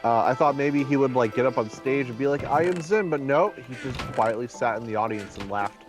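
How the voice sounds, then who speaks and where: A man chatting casually in a mid-range voice, telling a story in loose, rambling sentences full of "uh" and "um". He acts out snippets of dialogue as he goes, and soft music plays in the background. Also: mid-range voice, brisk. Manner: rambling, many fillers, acts out quotes. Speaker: co-host. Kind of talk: casual chat, anecdote.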